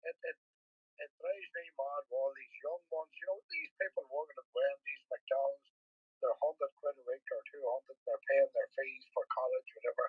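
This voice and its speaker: A man's voice: medium pitch, steady tone, moderate pace, husky, no echo. An Irish man in a casual chat, talking bluntly and heatedly with plenty of swearing. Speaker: guest speaker. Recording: tinny phone-like line.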